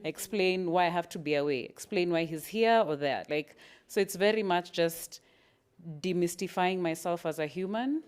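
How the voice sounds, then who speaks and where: Frank mom, low voice. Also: female voice, moderate pace, clear, resonant tone. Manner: frank, animated, acts out little scenes with laughs. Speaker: parent sharing at a parents' event. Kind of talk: candid reflective talk.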